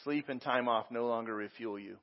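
A man's voice: medium pitch, a little fast, muffled recording. A man preaching a sermon as a pastor, talking conversationally with frequent repeats and fillers.

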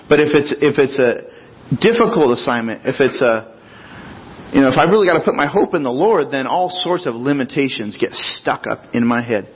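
A male pastor with a husky, slightly rough voice delivers a relaxed, conversational sermon. He slips into the voices of the people he quotes and adds folksy asides. The recording sounds dull and lo-fi, as if captured in a church sanctuary. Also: mid-range voice, a little fast.

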